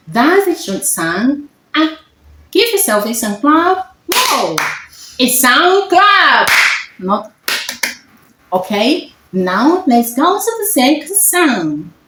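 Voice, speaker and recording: A woman tutoring phonics one-on-one, speaking slowly and repeating herself to check that her student follows. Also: medium pitch. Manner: slow, repetitive teacher checking understanding. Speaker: phonetics tutor. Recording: echoey room with faint noise.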